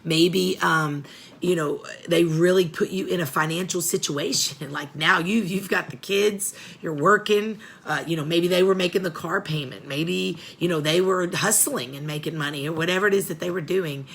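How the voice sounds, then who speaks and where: A woman's voice: lowish voice, moderate pace, creaky, fairly bright tone. A middle-aged woman hosting a support show for families of prisoners, talking earnestly and getting choked up as she repeats her points. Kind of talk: heartfelt advice talk.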